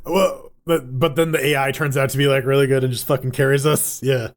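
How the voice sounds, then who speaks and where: Jokey excitable man on a gaming podcast. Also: medium pitch, brisk. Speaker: podcast co-host. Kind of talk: casual live gaming chat.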